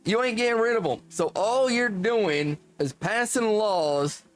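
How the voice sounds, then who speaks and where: A man's voice: high-pitched, a little slow, voice pushed up. A man voicing a burly, gray-bearded old country man with a thick Southern US country accent, ranting bluntly and with lots of swearing. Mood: fed-up ranting.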